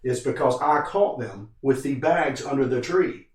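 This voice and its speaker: Relaxed man in an echoey room. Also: mid-range voice, normal speed. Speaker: guest, host's brother. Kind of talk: casual family chat.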